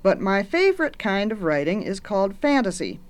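A woman's voice: mid-range voice, big pitch swings, moderate pace. A middle-aged woman who teaches at a university, talking earnestly about books and storytelling.

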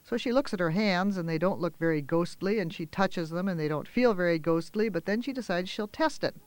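A man telling a children's story aloud in a gentle, expressive way, with small pauses and fillers. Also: sits high, clean tone, no echo.

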